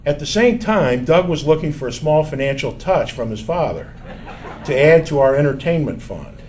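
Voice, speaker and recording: A man's voice: on the high side, animated, darkish tone, slight background noise. Older man telling a wry memoir. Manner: measured, wry, self-mocking. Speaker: storyteller. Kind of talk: personal memoir storytelling.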